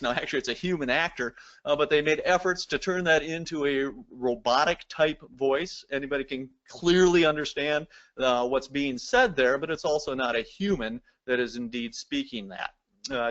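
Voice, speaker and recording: A man's voice: a little high, a bit bright, dull audio. A man giving a recorded lecture, explaining step by step and addressing the viewers directly. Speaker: presenter.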